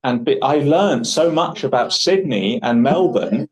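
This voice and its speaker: A man's voice: mid-range voice, expressive, unhurried, low-quality recording. A man with an English accent hosts a public speaking workshop in a chatty, jokey storytelling way. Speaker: workshop host. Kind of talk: casual workshop hosting.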